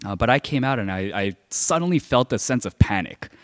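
With lively intonation and a fairly quick pace, this medium-pitched man preaches in a conversational, storytelling way. He is a pastor framing his sermon as a personal story, and "like" fills his speech constantly. The room adds a long hall reverb.

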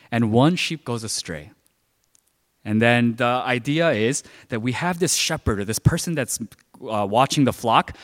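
A man's voice: mid-range voice, a bit bright. Man, pastor, conversational sermon, lots of fillers, long reverb hall. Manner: conversational, heavy use of filler "like". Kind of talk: sermon told as a personal story.

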